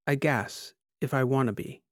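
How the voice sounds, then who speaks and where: A man voicing a tough young woman fighter who speaks in curt, dry remarks, pitching his voice up for her. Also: moderate pace, a bit bright, no echo, lightly acted.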